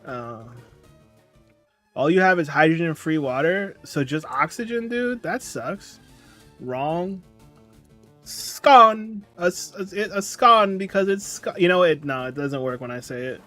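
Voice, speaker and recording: A man's voice: a little high, lively intonation, measured pace, bright, forceful tone. A tired young man chatting casually on a livestream, reading chat and rambling along. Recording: music playing faintly behind. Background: faint background music.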